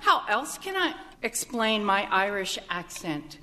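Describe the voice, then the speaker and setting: A woman's voice: mid-range voice, big pitch swings, measured pace, pushed and bright, big-room sound. An actress playing a flighty, theatrical woman who claims past lives, in a comedy sketch. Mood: breezy. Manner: theatrical, affected, switching to a fake accent. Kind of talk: radio comedy sketch acting.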